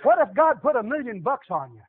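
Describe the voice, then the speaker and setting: High-voiced, animated preacher on tinny radio. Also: male voice, brisk, crowd noise. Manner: animated call-and-response preaching. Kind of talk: sermon.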